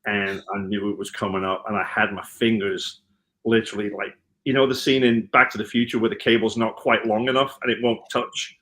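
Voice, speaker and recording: A man from Liverpool speaks in a somewhat low voice, his Scouse accent blended with an American lilt. He tells road stories in a relaxed, rambling way, full of ums and self-corrections. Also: a little fast. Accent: Liverpool (Scouse), with some American mixed in. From Liverpool, England. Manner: rambling storyteller, many ums and restarts. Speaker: guitar tech. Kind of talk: casual interview chat.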